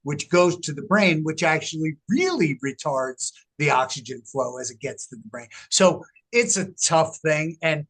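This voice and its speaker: A middle-aged man speaks as a guest on an interview, his voice sitting a little higher than most men's. He tells his story in an animated, emphatic way and leans hard on key words. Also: moderate pace, hardly any pauses. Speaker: guest, researcher. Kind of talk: casual interview talk.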